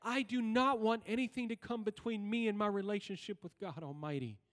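A man with a high voice preaches to his congregation, throwing questions out to the room as he reads and explains scripture. His voice rings with a long reverb through the church sanctuary. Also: a little fast, fairly bright tone. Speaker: pastor. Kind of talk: sermon.

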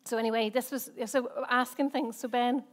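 A woman's voice: fairly high pitch, steady tone, moderate pace. Chatty woman pastor. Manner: chatty and self-mocking, laughs often. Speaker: senior pastor. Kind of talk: sermon with personal stories.

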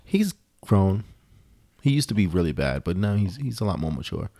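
A man's voice: sits low, sing-song, normal speed, warm tone, no room sound. A man co-hosting a podcast in a casual, opinionated chat, rambling with lots of fillers. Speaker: podcast co-host.

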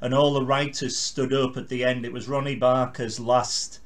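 Older male interviewer, mid-pitched, eager and reminiscing in casual chat. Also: level tone, moderate pace. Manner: enthusiastic, reminiscing. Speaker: podcast host.

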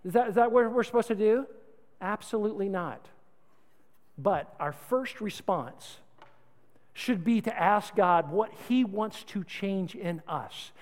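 Male pastor, sermon delivery: high, very animated, playful and exhorting; church hall reverb. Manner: animated, conversational, humorous, exhorting.

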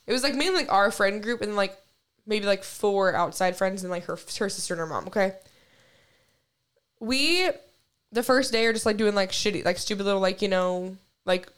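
A woman's voice: mid-range voice, clear, resonant tone. A young woman on a podcast telling a long story in casual chat, rambling and profane, with constant "like". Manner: rambling, heavy use of "like", profane. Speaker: podcast co-host.

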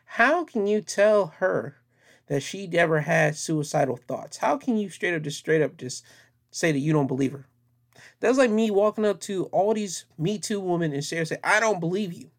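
A man's voice: a little high, animated, normal speed, creaky. Emphatic man giving opinion commentary. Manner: emphatic, repetitive, plainspoken.

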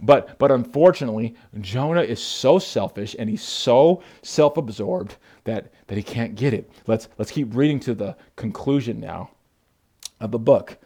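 A male pastor preaching an impassioned sermon, swinging between emphatic exhortation and hushed reflection. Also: medium pitch, moderate pace, slightly rough.

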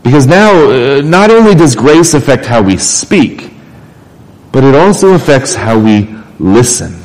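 Man, pastor preaching, mid-pitched voice, conversational, frequent restarts. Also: big pitch swings, measured pace, darkish tone, low-quality recording. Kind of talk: sermon.

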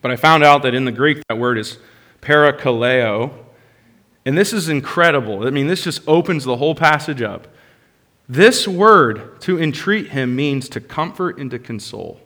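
A man preaching a sermon as a pastor, passionate, rising to loud bursts and dropping to soft, hushed lines. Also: medium pitch, expressive, normal speed. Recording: long hall reverb.

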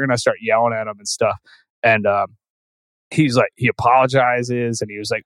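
A man's voice: medium pitch, fairly even intonation, a little fast, fairly bright tone, no room sound, low-quality recording. A man guest on a podcast, telling tour stories in a rambling, profane way and saying "like" constantly. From Philadelphia. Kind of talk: casual storytelling.

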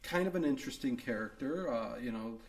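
A man's voice: mid-range voice, animated, fairly quick, a loud crowd. Rambling man reviewing a horror movie. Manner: rambling, many restarts and filler words. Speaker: podcast co-host. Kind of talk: casual movie review chat. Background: co-host talking along.

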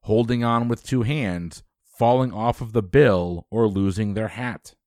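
A man hosting a trivia quiz, reading questions briskly and dropping dry quips. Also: on the low side, a little mellow, no echo.

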